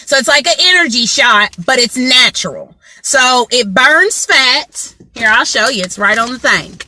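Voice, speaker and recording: A woman's voice: sits high, lively intonation, measured pace, few pauses, bright, forceful tone, dry recording. A woman telling a story to her viewers in casual chat, often asking "you know what I'm saying" and greeting people by name. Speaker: motivational vlogger.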